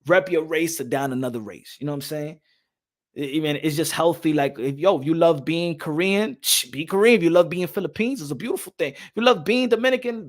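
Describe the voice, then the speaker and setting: A man hosting a boxing podcast in a loud, animated rant, laughing and swearing often. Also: on the high side, brisk. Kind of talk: casual livestream rant.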